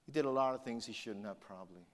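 A man preaching a sermon as a pastor, telling a story and swinging from passionate, emphatic peaks to hushed, intense lows. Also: fast talker, in a large hall.

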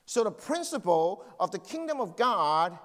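Brief: male pastor, sermon voice, lively up-and-down delivery, slightly high, hall reverb. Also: measured pace. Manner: conversational preaching with personal stories.

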